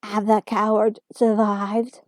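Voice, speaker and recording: A raspy, metallic alien war machine, put on by a woman reading a story aloud. It barks its words slowly and flatly, with a mellow, dry close sound. A cold, commanding storybook monster. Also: mid-range voice, dry recording, natural voice. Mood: menacing. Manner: slow, flat, commanding.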